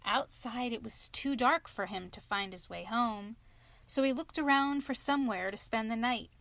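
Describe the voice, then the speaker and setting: A woman narrating a children's storybook aloud in a clear, expressive reading. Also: fairly high pitch, normal speed, no echo.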